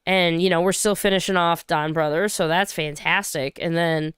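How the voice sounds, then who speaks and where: Woman host from Saint Louis, bubbly casual stream chatter, clean smooth tone, dry close mic. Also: on the low side, steady tone, a bit bright, no echo. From Saint Louis, USA. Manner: bubbly, chatty, quick to laugh and cheer. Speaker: livestream host. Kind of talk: casual livestream chat.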